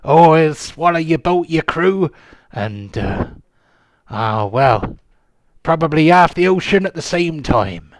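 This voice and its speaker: A man's voice: a little high, expressive, slow, no echo. A man, the game master, voicing a kneeless old male pirate sea dog who philosophises in a growling pirate voice. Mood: ominous. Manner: growling pirate voice with "arr" and "there be".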